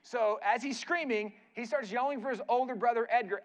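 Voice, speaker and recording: High-voiced man telling a chatty sermon story. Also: a little fast. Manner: casual, chatty, uses "like" and "right?" asides. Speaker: guest speaker. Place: church.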